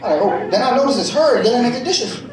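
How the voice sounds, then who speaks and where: A man's voice: very high-pitched, rapid-fire. A man doing stand-up comedy, telling profane stories about family life and checking in with the crowd. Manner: animated, profane storytelling with crowd check-ins. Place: comedy club stage. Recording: echoey live club, distant mic, crowd audible.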